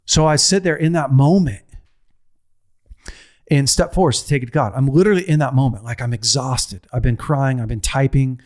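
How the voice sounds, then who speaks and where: A middle-aged man giving a heartfelt teaching talk, telling a personal story with repetition, restarts and a pace that swings from slow to rushed. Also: medium pitch, a little mellow. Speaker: speaker on a men's ministry show.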